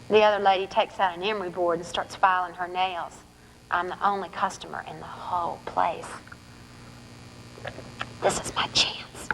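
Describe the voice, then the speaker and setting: At a forum, an author reads a first-person passage from her own novel, her mid-pitched voice lively and sly like a storyteller's. The recording is low quality, with a faint hiss underneath.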